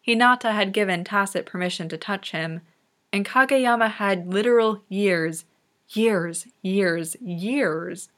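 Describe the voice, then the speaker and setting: A woman reading fan fiction aloud in soft, unhurried narration. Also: medium pitch. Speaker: reader.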